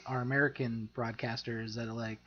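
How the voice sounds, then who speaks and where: An easygoing man co-hosting a podcast and chatting casually, quick to chime in and agree. His voice sits at a middle pitch. The audio is slightly muffled and lo-fi. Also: flat delivery, a bit bright. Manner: easygoing, frequent laughs and backchannels. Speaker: podcast co-host. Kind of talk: casual chat.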